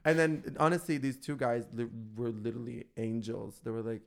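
A man co-hosting a podcast, telling stories in a campy, animated, casual way and laughing often. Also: medium pitch, moderate pace, vocal fry. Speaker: podcast co-host. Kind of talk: casual chat.

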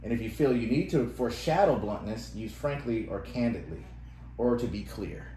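A man's voice: mid-range voice, expressive, moderate pace, crowd noise. A man co-hosting a podcast, chatting casually and laughing often as he reads phrases aloud. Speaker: podcast co-host. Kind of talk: casual chat. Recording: echoey room with faint noise.

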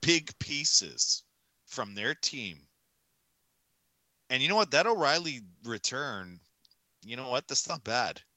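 A man holds forth on a casual sports podcast, emphatic and ranting, circling back to the same point for effect. His voice is very bright and cutting, and the sound is close and completely dry. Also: medium pitch, very animated, takes it slowly, pauses often, no echo. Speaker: podcast co-host.

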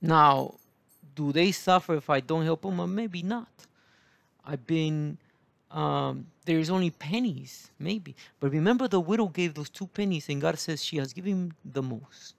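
A man, preaching in a rambling, halting way full of fillers and asides. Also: a little high, vocal fry, no room sound. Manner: digressive, halting, many fillers. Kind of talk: rambling Bible teaching.

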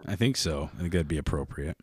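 A man co-hosting a casual sports podcast, mostly wry and deadpan with sudden profane outbursts. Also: rumbling low, quick pace, breathy edge, no room sound, clean studio sound. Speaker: podcast co-host.

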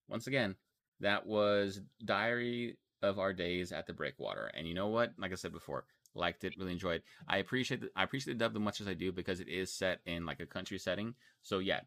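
A man's voice: low-pitched, normal speed, fairly bright tone. A young man from Texas with a Texan accent, hosting a casual podcast chat about anime and rambling through restarts and fillers. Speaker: podcast host.

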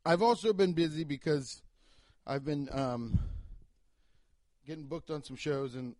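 Rambling, swearing podcast host. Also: male voice, on the high side, unhurried, darkish tone, dry recording. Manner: rambling, self-interrupting, swears freely. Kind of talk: casual chat.

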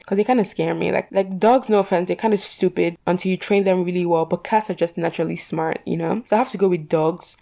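A young female vlogger chats to her camera, rambling through poll questions with lots of "like" and "you know" and some casual swearing. Her voice is slightly low, mellow and dark, with plenty of gravelly fry.

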